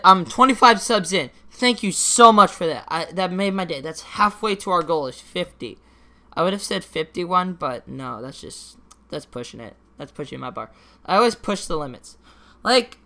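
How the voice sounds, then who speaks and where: A man's voice: on the high side, sharp tone. A teenage boy hosting his own podcast in casual solo chat, rambling with many restarts and casual swearing. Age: teens. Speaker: podcast host.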